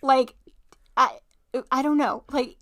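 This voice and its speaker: A high-pitched woman in casual chat, co-hosting a podcast. She answers plainly and dryly, amused at her partner's habits. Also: steady tone, takes it slowly, a bit bright. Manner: dry, matter-of-fact, amused. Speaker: podcast co-host.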